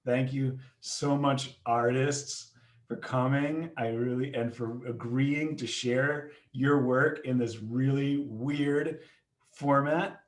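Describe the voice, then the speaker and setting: A man hosting a live online comics reading on a video call, talking casually with many pauses and fillers. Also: mid-range voice, fairly even intonation. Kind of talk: casual event introduction. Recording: roomy echo.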